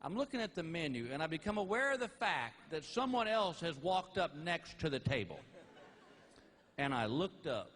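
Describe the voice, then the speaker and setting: A man's voice: on the high side, big pitch swings, moderate pace, fairly bright tone, slight background noise. A middle-aged man doing stand-up storytelling, chatty and amused, often laughing at his own stories. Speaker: stand-up comedian.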